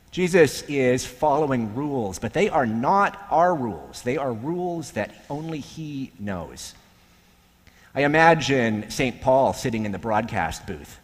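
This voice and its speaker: A pastor preaching a sermon in a slow, measured way, with long pauses, sometimes dropping to a hushed voice. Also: male voice, mid-range voice, lively intonation. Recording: echoey hall with long reverb.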